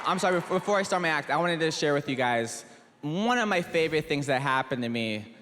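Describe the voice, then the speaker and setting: A man's voice: fairly high pitch, expressive, fairly quick, noisy background. Wry man doing stand-up. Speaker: stand-up comedian. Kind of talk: stand-up comedy routine. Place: large theater stage before a live audience. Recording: echoey hall with crowd laughter.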